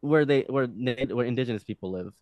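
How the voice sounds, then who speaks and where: A young man in his twenties, a podcast guest telling a story in casual conversation, animated and often restarting his sentences. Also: medium pitch, quick pace, no room sound. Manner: animated, with frequent restarts and acted-out quotes.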